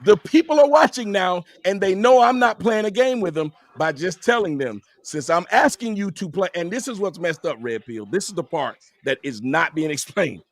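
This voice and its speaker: A man arguing emphatically on a live-stream panel, sometimes rising to a shout. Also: high voice, expressive, moderate pace, hardly any pauses. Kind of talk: heated live-stream debate.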